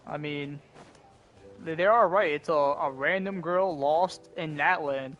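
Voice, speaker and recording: A man's voice: on the high side, unhurried, a bit bright, dull audio. Laid-back slangy young male streamer. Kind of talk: casual gaming commentary. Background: game audio and music.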